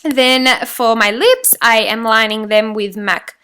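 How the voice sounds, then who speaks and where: A woman's voice: a little high, slow pace, bright, forceful tone, smooth. A young woman giving a chatty, rambling voice-over for a makeup tutorial, joking about her own slips. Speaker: beauty vlogger.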